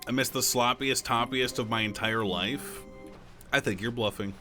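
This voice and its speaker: A man streaming a game, joking crudely and reading game text aloud quickly. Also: medium pitch, bright, forceful tone, soft background music. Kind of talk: casual gameplay commentary.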